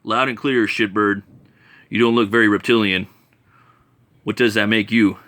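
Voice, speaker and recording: A wisecracking soldier from a comic, trading sarcastic insults, as a man reads him out. The voice is low-pitched but bright and forward, close to an ordinary speaking voice. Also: fairly even intonation, moderate pace, close to an everyday voice.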